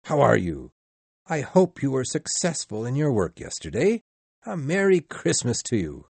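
A man's voice: mid-range voice, huge pitch swings, moderate pace, creaky, darkish tone, breathy edge, no echo, voice pushed up, heavily acted. A man voicing an elderly reformed miser, overjoyed and laughing as he exclaims his lines. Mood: earnest.

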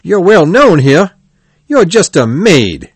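A man's voice: medium pitch, animated, a little fast, no echo, lightly acted. A man voicing a curt, impatient male ticket seller with a dismissive, mocking manner in a storybook reading.

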